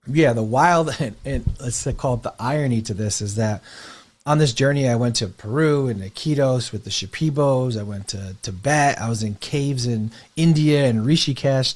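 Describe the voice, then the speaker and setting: A man who teaches breathwork speaks in a casual interview, telling stories with lots of "you know" fillers and laughing now and then. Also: medium pitch. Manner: animated storyteller, leans on "you know" fillers.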